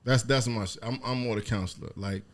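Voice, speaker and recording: A man's voice: on the low side, a little fast. A man hosting a casual podcast chat, talking in a laid-back, profane way and laughing often. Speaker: podcast host.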